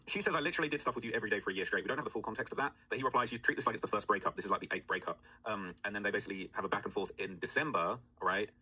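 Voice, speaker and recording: Male commentary host, rambling and filler-heavy, very fast delivery, bright edge. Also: fairly low pitch, husky, low-quality recording. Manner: rapid rambling with many fillers. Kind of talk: casual commentary.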